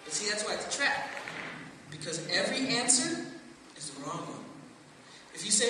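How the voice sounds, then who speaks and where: A man doing a stand-up comedy practice set, telling stories and acting out other people in high voices. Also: big pitch swings, normal speed, pauses often. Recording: roomy echo, far from the mic, noisy.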